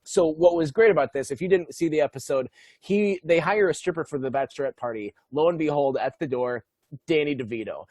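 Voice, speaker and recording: A man's voice: fairly high pitch, fairly quick, a little mellow, no echo, studio quality. Laughing young male podcast co-host. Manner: enthusiastic, laughs often. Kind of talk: casual chat.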